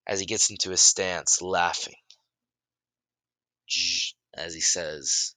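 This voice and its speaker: A man improvising a fan story in halting narration, often restarting his sentences and shouting out the characters' lines. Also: low-pitched, steady tone, dry recording. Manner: halting, many restarts and self-corrections; bursts into loud shouts for dialogue.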